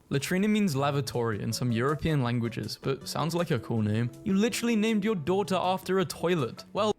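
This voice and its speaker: A man narrating a comedy clip, reading out funny posts and adding dry, joking asides. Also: mid-range voice. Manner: wry, joking asides after each read-out.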